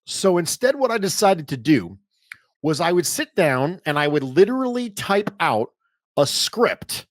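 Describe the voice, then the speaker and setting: Animated male podcast guest, slightly higher voice. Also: measured pace, no room sound, clean studio sound. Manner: animated storyteller, emphatic repetition. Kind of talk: casual podcast interview.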